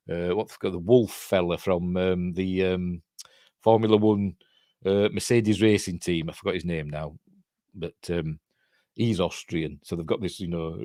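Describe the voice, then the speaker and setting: A man's voice: low voice, darkish tone, no echo, clean studio sound. A middle-aged man with a Yorkshire accent, rambling through a casual film breakdown and answering viewers' chat. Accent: Yorkshire English. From Yorkshire, England. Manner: rambling, chatty, reads and answers live chat. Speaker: host.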